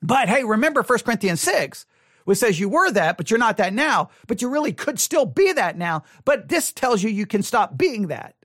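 A Bible study podcast host, hoarse and losing their voice, rambling in exasperation with many restarts while reviewing a sermon. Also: medium pitch, sing-song, moderate pace, a bit bright, no room sound, studio quality.

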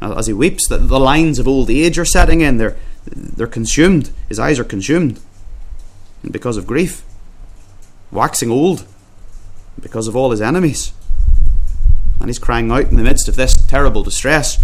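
A man preaching an earnest expository sermon, often repeating words and slowing down when he quotes scripture. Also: mid-range voice, expressive. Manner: slows down when quoting scripture.

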